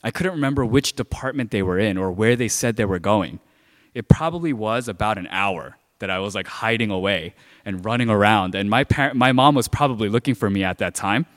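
A man's voice: lowish voice, lively intonation, a little fast. Man, pastor, conversational sermon, lots of fillers, long reverb hall. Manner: conversational, heavy use of filler "like". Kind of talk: sermon told as a personal story.

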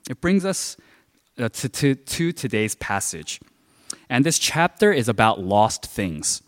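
Speaking at a measured pace, a man with a medium-pitched voice and big pitch swings preaches a sermon. He is a pastor telling it as a personal story, conversationally, with plenty of fillers and especially "like." A long hall reverb is present.

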